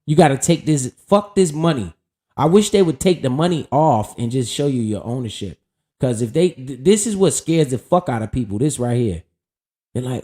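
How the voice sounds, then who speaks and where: A man's voice: medium pitch, animated, moderate pace, mellow. A man giving casual, profane, hyped market commentary, talking straight to his viewers while going over his account. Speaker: stock market streamer.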